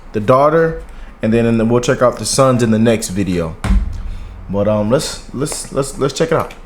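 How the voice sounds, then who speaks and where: Heartfelt rambling man reacting to a video. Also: mid-range voice. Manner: rambling, heartfelt, talks to viewers as y'all and man. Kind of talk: casual reaction commentary.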